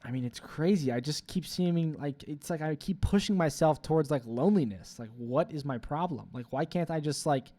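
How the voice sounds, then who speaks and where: A man's voice: fairly high pitch, brisk, hardly any pauses, mellow. A young man in his twenties, rambling through a profane, confessional vlog monologue full of "like" fillers. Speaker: vlogger.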